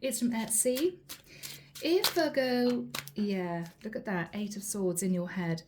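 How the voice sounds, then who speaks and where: A woman's voice: mid-range voice, slow, darkish tone, slight background noise. A woman giving a casual monthly tarot reading, chatty and storytelling, often checking in with "right?". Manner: chatty, storytelling, frequent tag questions. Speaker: tarot reader.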